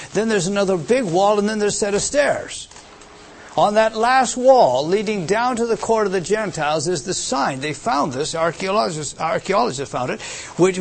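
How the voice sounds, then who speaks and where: Emphatic man preaching a sermon. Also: high-pitched. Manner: emphatic, repeats phrases for stress; explains with gestures to a text or diagram. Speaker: pastor. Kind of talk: expository sermon.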